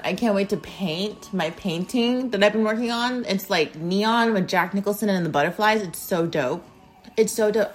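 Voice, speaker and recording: Woman, podcast host, casual rambling monologue, lots of swearing, shout-outs to listeners, mid-range voice. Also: medium pitch. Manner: profane, rambling, jokey.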